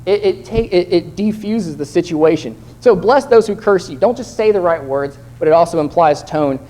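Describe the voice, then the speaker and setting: A young man preaches a sermon conversationally, acting out the voices of the people in his examples. He has a high, warm voice and talks at a normal speed. The recording is rough.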